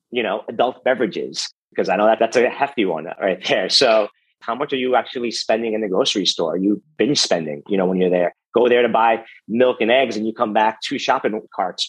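Husky man coaching on budgets. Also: medium pitch, poor audio. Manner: animated, instructive, asks direct questions. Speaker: business coach. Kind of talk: casual podcast interview.

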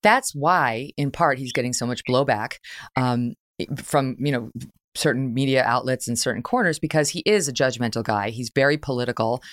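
Low-voiced blunt woman host. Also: dry recording, studio quality. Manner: blunt, opinionated, quick asides. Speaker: podcast host. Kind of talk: conversational opinion talk.

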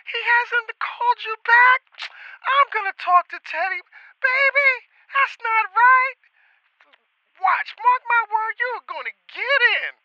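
A man putting on the voice of a bubbly, doting aunt with a Southern accent, in a high sing-song falsetto. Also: animated, takes it slowly, no echo, lo-fi sound, full character voice. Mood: reassuring. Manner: bubbly, reassuring.

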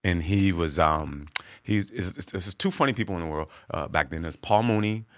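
A man's voice: sits low, normal speed, no echo. A man who is a comedian, telling stories on a podcast with frequent laughs and swearing. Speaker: comedian guest. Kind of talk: casual podcast chat.

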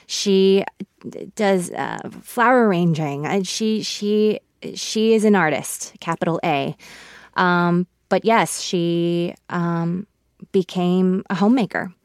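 A woman's voice: fairly low pitch, takes it slowly, no room sound. A woman guest in a radio interview, talking reflectively and getting emotional, often laughing between thoughts. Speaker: actress guest.

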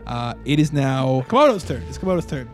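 A man's voice: medium pitch, very animated, fairly quick, soft background music. A man narrating a tabletop game as game master, playful and laughing as he spins vivid scenes.

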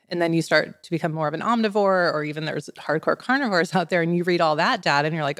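A woman's voice: on the low side, fast talker, hardly any pauses, no echo, clean studio sound. A woman in her forties, a wellness expert guest, telling stories in casual podcast chat with lots of "like" fillers. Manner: animated storyteller, many "like" fillers.

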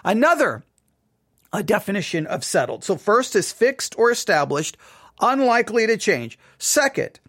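In a home studio, a podcast host with a fairly high, slightly bright voice tells a rambling, self-deprecating story in casual devotional podcast talk, chatty and open with his listeners. His pitch swings widely at a normal speed. The studio mic sounds dry and close, with no room echo.

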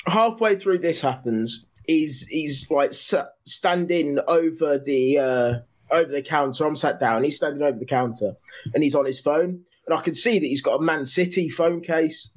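A man's voice: on the high side, moderate pace. An English man telling a funny story in casual chat, laughing and swearing as he quotes people. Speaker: podcast host telling a story. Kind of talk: casual anecdote.

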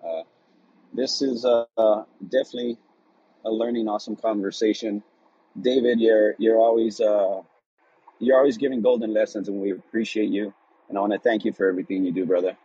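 Husky low male caller, halting speech, dull remote audio. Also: fairly even intonation, warm tone. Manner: halting, many restarts, grateful. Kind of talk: casual chat. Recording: dull phone-like audio room call.

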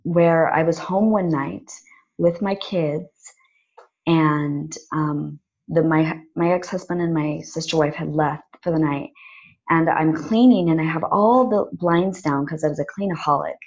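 Husky-voiced woman telling a dramatic story. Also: low-pitched, measured pace, lo-fi sound. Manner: animated, dramatic retelling with acted-out quotes. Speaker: podcast guest. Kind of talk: personal storytelling in conversation.

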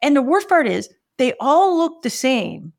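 A woman's voice: sits high, measured pace, creaky. A woman telling a funny story in a casual talk, acting out the dialogue and swearing now and then, with an audience laughing along. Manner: animated, acts out dialogue in exaggerated voices; casual and profane, frequent "like". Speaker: marketing speaker.

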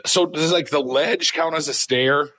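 A man's voice: a little high, measured pace, pushed and bright, dry recording. A man calling in to a podcast, out of breath and suffering from a cold. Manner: breathless counting stairs. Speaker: caller. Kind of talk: casual call-in chat.

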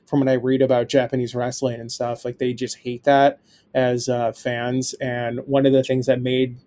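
A young adult man co-hosting a podcast, chatting casually and telling animated, profane stories. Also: mid-range voice, normal speed. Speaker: podcast co-host.

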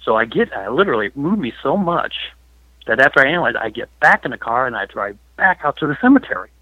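A man's voice: mid-range voice, sing-song, fast, husky, no echo. Rambling middle-aged man on a dull phone line. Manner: rambling, many fillers, emotional. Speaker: paranormal investigator guest. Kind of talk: phone interview storytelling.

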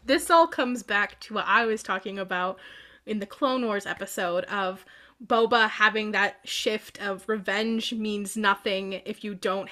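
A woman's voice: mid-range voice, bright, forceful tone. A woman in casual fan chat, speaking in a thoughtful, analytical way about a character. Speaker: podcast co-host.

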